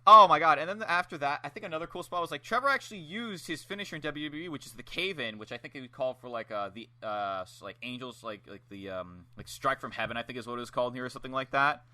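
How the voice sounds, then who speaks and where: Excitable young man with a bright voice. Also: medium pitch, fast, few pauses. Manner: excitable, swears freely, acts out reactions. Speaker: podcast co-host. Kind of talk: casual chat reviewing wrestling matches.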